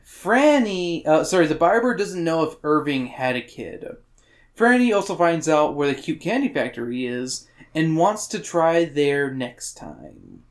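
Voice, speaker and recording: A podcast host reads chapter summaries aloud in a loose, casual book club chat. The voice sits at a middling pitch. The jokes run crude and irreverent throughout. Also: animated, unhurried.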